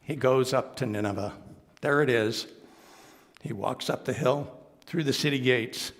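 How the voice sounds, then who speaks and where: A male minister telling a storytelling sermon in a playful, animated way in a worship hall. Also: medium pitch, unhurried. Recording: reverberant hall.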